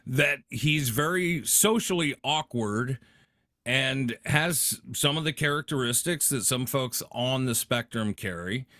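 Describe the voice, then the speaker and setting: Guy on a podcast, bright forceful voice, kinda hesitant when he explains stuff. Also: mid-range voice, animated, dry recording, studio quality. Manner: halting, profane, explains with hesitations. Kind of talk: casual podcast chat.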